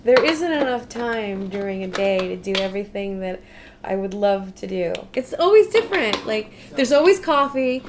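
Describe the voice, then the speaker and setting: Chatty, higher-voiced woman artist. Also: a little hiss or hum. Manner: chatty, laughs often, swears, emotional. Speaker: painter and architect. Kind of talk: casual documentary interview.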